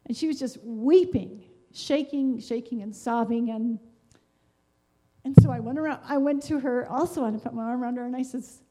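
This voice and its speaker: Mellow and on the high side, this woman's voice moves at a normal pace. She's a church speaker offering a devotion, an earnest testimony from her own life that wanders, with many fillers and false starts.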